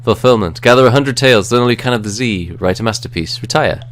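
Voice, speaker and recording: A man's voice: medium pitch, quick pace, fairly bright tone. A man casually chatting while playing a video game and reading its text aloud. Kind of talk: casual gaming chat.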